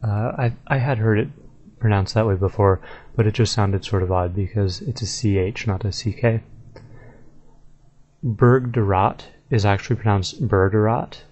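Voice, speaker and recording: A man's voice: on the low side, fairly quick, a little mellow, slight background noise. A man talking casually to his viewers, easygoing and thinking aloud with fillers and self-corrections. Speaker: video creator. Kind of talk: casual commentary video.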